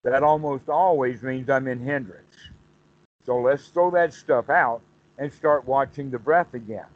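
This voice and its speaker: A man's voice: mid-range voice, a little slow, muffled recording. A man teaching meditation on a call, explaining patiently and acting out the mind's inner self-talk in quotes.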